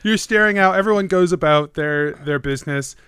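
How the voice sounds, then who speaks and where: A man narrating as game master of a tabletop game, relaxed with frequent "uh" pauses. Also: fairly high pitch, slight background noise. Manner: relaxed, hesitant fillers, laughing.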